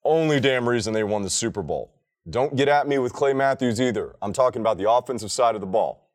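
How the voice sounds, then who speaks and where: A man's voice: medium pitch, fast talker. A man co-hosting a casual sports podcast, ranting emphatically and swearing freely. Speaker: podcast co-host.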